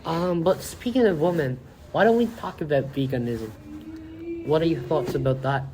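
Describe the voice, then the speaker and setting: A man playing a fawning male interviewer in an amateur comedy skit, asking rambling questions full of fillers and flattery. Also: on the high side, moderate pace, lightly acted, rough recording.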